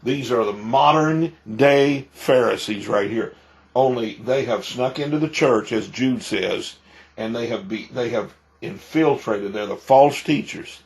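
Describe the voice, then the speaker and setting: A man's voice: mid-range voice, a little slow, vocal fry. A male pastor giving emphatic preaching commentary, repeating himself and firing off rhetorical questions.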